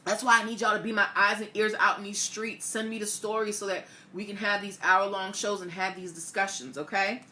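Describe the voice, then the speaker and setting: A woman's voice: medium pitch, level tone, fairly quick, few pauses, sharp tone, a little hiss or hum. A woman hosting a casual live stream, chatting with viewers, asking their opinions and reading their comments aloud. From Haitian family. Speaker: host.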